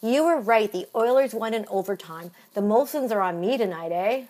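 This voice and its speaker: A woman's voice: mid-range voice, expressive, moderate pace, darkish tone, lightly acted. A woman voicing a chirpy, hockey-loving woman, speaking in a folksy way. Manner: folksy, peppered with eh and you betcha.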